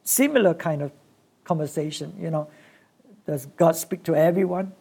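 A preacher with a gravelly, creaky voice delivers a sermon from start to finish. The delivery is emphatic and comes in short bursts, with key phrases repeated for weight. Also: medium pitch, moderate pace, dark tone.

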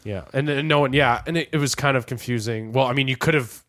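A man co-hosting a podcast, talking in an excitable way with many fillers and restarts. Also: medium pitch, fast talker. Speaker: podcast co-host. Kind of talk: casual chat.

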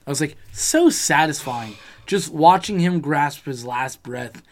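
Animated man, swearing a lot. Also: on the high side, a little slow. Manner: animated, heavy swearing, acts out his own reactions. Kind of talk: casual chat about a TV show.

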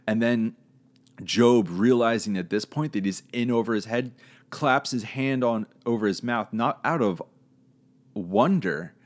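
A Bible teacher leads a casual lesson in a medium-pitched voice at a measured pace. His manner is conversational and searching, with frequent hedges and self-corrections.

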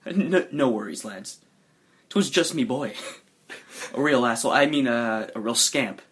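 A man voicing an unhinged old male pirate captain who talks in a low, hushed, menacing growl. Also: measured pace, close to an everyday voice. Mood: piratey growl.

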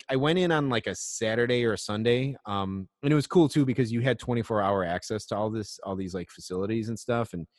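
A man's voice: lowish voice, no echo, clean studio sound, in a large hall. A man co-hosting a podcast, telling a long, loose, profane story in casual chat. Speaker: podcast co-host.

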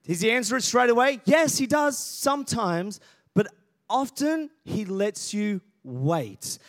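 A man in his thirties preaches a sermon in a fairly high voice. He moves between quiet, low moments and loud, emphatic calls, asking the congregation to repeat words back to him. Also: big pitch swings, a little slow. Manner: call-and-response preaching, swings from quiet to loud. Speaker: pastor.

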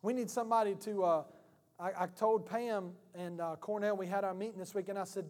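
A male pastor preaching a sermon in an animated, humorous and conversational way. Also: sits high, fairly quick. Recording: reverberant church hall.

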